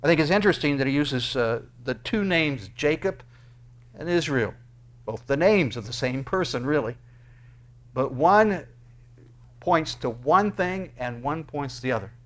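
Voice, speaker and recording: A male pastor preaching an earnest sermon, with emphatic rises and quick bursts between quieter explanations. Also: a little high, animated.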